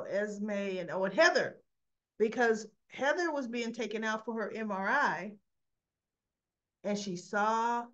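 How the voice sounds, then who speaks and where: With a mid-range, slightly bright voice, a woman chats through a recap of a soap opera episode and briefly performs the characters' lines as she quotes them. The recording is lo-fi and a bit dull.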